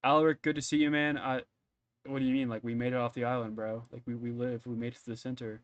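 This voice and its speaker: A boastful young jock in a tabletop game, as a man puts him on, bro-ish and dismissive. The voice sits mid-pitch and sounds dry and close. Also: level tone, fast talker, no echo, highs cut off, close to an everyday voice. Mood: cocky.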